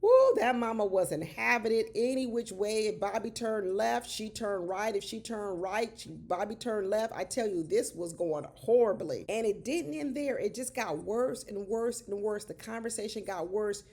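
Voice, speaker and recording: A woman giving casual, animated commentary on a reality show, exclaiming and talking straight to her viewers as y'all. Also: mid-range voice, normal speed, hardly any pauses.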